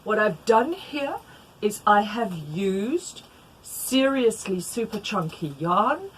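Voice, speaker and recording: A woman teaching knitting in a playful, rambling way, with jokey asides and sudden loud bursts. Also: medium pitch, very animated, slow, slight background noise, poor audio. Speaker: knitting tutor. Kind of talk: chatty knitting tutorial.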